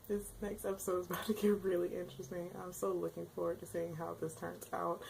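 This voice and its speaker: Gravelly-voiced woman gushing over an episode. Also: lowish voice, slight background noise, rough recording. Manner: emotional, exclamatory, rambling. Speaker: anime reviewer. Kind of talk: casual vlog recap.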